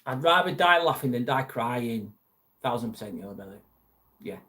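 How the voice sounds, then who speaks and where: A man's voice: medium pitch, animated, normal speed, a bit bright. A man hosting a casual livestream, chatting bluntly with viewers and swearing freely. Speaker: livestream host reading viewer chat. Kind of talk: casual live chat.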